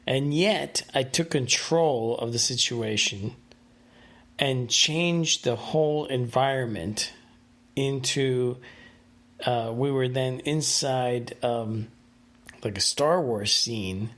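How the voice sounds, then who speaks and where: Man, solo podcast host, mid-pitched, casual and rambling, lots of ums and restarts. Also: takes it slowly, fairly bright tone. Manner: rambling, hesitant, many fillers and restarts.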